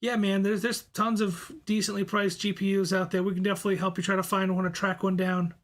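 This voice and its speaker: Talking fast, a relaxed man with a Boston accent reads his live stream's chat messages aloud and responds warmly in casual conversation. His high-sitting voice stays even, with little rise and fall, and he keeps repeating words and restarting his sentences.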